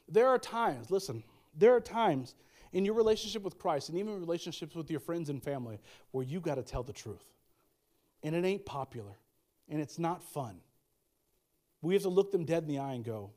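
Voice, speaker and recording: A man's voice: a little high, expressive, brisk, mellow. A middle-aged male pastor preaching a sermon, emphatic, with folksy asides and repeated key lines.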